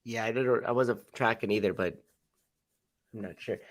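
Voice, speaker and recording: A man's voice: lowish voice, fairly even intonation, normal speed. A man co-hosting a podcast in casual chat, agreeable and chiming in with short replies. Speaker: podcast co-host.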